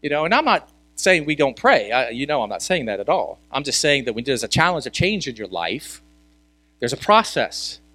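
A man's voice: mid-range voice, big pitch swings, normal speed, sharp tone, no room sound. A male pastor preaching a sermon in a conversational way, asking rhetorical questions and repeating key words for emphasis.

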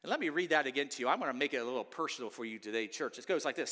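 A man preaching an Easter sermon as a pastor, swinging into loud pleading outbursts between quieter stretches. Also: medium pitch, animated, rapid-fire. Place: church sanctuary. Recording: long church reverb.

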